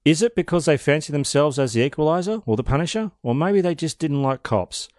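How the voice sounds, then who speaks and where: A man's voice: a little high, expressive, a little fast, darkish tone, no room sound, studio quality. A man hosting a podcast, narrating a true crime case with wry, sardonic asides. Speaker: podcast host.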